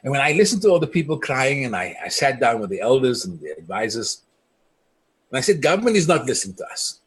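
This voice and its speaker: This middle-aged community leader from South Africa speaks fast and very animatedly, his mid-range voice carrying a slight roughness. His impassioned speech is earnest storytelling, full of quotes from people he encountered.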